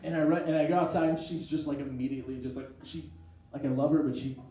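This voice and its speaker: A man doing a stand-up comedy set, telling a rambling story with deadpan asides. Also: a little high, quick pace. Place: comedy club stage. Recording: echoey room, distant mic, noise. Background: audience laughter.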